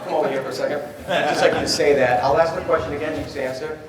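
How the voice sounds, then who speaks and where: A man giving a live motivational seminar talk, animated, acting out little dialogues and quizzing the crowd. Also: a little high, fast talker. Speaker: motivational trainer. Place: large event hall. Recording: echoey hall from far off.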